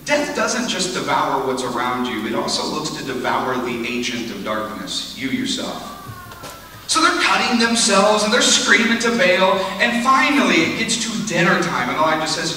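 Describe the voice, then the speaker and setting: A man preaching at a camp retreat, telling the story with animated, conversational energy. His voice sits high and bright, and it swings widely in pitch. He is heard from a distance in a big, echoey hall with a long ring, over faint room noise. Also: normal speed. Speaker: retreat speaker. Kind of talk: sermon. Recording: echoey hall, speaker far from mic.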